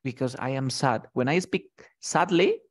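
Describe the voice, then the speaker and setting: A man teaching English words in relaxed conversation, his voice sitting at an ordinary middle pitch. He explains each term, then acts out a quick example line and checks in with his student. The pace is chatty and patient. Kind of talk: vocabulary lesson conversation.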